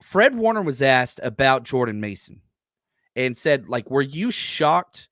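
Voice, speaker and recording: A man hosting a podcast, talking casually and excitedly about football with rambling asides. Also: mid-range voice, measured pace, no room sound, studio quality. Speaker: podcast host. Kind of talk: casual sports commentary.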